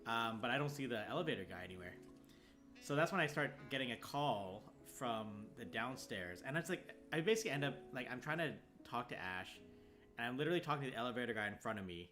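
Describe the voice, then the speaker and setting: A man's voice: mid-range voice, fast talker. A man casually telling a story as a streamer, acting out the lines of the people in it. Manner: animated, acts out the other people's lines in his story. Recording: music playing clearly behind.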